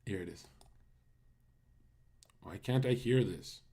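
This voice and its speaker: A livestream host reacts to clips and rants at his chat, blunt and mocking toward viewers, speaking into a USB condenser mic. His voice is lowish, warm and husky, and he talks slowly.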